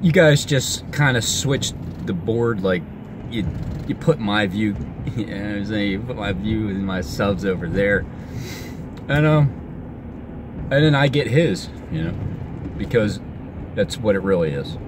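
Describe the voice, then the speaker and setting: A man rambling excitedly to the camera, breaking off and restarting his sentences a lot. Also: on the low side, unhurried, pauses often. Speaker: vlogger. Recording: outdoor street noise with passing cars.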